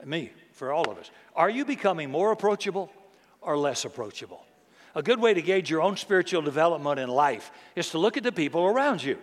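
Animated preacher man in a reverberant hall. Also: on the high side, a little fast. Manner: animated, conversational preaching with humor. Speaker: pastor. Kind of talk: sermon. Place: large church hall.

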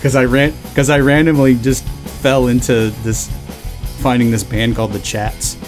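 A man hosts a podcast in loose casual chat, rambling through stories with fillers and laughs. His pitch sits in the middle range. Faint music plays underneath. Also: level tone, normal speed. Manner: rambling, laughing, jumps into sung bits. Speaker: podcast host.

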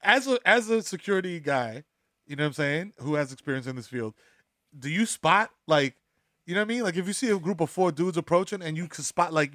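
A man's voice: fairly high pitch, animated, brisk, sharp tone, no echo, clean studio sound. A man, a podcast co-host, trading jokes and laughing in casual chat. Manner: joking banter, laughs often.

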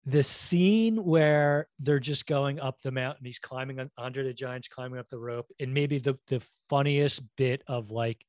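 A man in relaxed conversation tells stories with energy, full of fillers and asides. His pitch sits in the middle of the range. The recording is dry and close. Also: measured pace, few pauses, dry recording. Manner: animated anecdote telling with many fillers. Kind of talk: casual chat.

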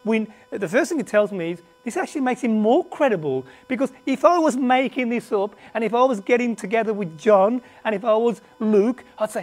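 Delivering a Bible class to a live group in a meeting room, the preacher speaks briskly with few pauses in an expressive, darkish, mid-range voice. His style is conversational, full of restarts and asides, with frequent emphatic questions to the audience and a slight cough.

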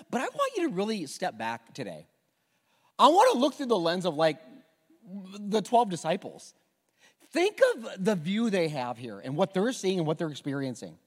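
A high-voiced man preaches to his congregation and acts out every scene, trading voices between characters. He stumbles into quick restarts as he goes, and his pitch swoops widely. His voice carries a long reverb from a big hall. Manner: animated storytelling, acting out dialogue; frequent stammered restarts. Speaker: pastor. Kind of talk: sermon.

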